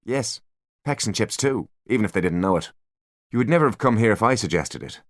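A calculating teenage boy genius who speaks with calm, smug precision, as a man voices him for an audiobook. The pitch sits clearly above the reader's natural deep register. The recording is dry and close. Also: brisk, no echo, close to an everyday voice.

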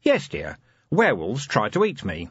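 A man with a husky voice reading a dry, grumbling middle-aged watch commander in an audiobook. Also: mid-range voice, huge pitch swings, normal speed, a bit bright, no echo, highs cut off, exaggerated voice. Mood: wry.

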